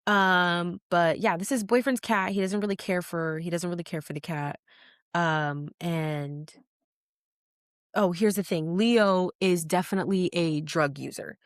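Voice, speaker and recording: A woman co-hosting a podcast, chatting casually and retelling a story with lively quoted lines. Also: on the low side, a little slow, no room sound, clean studio sound. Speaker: podcast co-host. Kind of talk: casual chat recapping a show.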